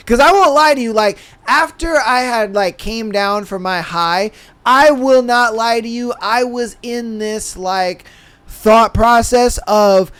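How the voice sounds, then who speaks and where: Young male podcast host, easygoing and casual, fairly high and crisp tone, swears freely. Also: a little slow, a bit bright. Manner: laid-back, says "bro" and "man" constantly. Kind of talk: casual storytelling monologue.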